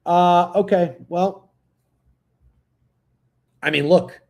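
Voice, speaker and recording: A man's voice: high-pitched, very animated, slow, gravelly, long pauses, lo-fi sound. A man hosting a sports betting livestream, talking casually and profanely, speaking straight to his chat. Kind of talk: casual live-stream chat.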